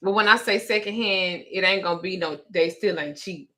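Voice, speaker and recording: A woman's voice: lowish voice, normal speed, sharp tone. A grandmother talking casually, blunt and profane, laughing as she tells stories. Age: older. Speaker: host. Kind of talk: casual chat.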